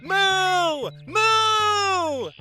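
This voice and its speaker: A woman's voice: very high-pitched, lively intonation, drawn-out words, loud music behind the voice, full character voice. A woman voicing Mo, a silly, giggly little cartoon creature, talking playfully for a preschool cartoon.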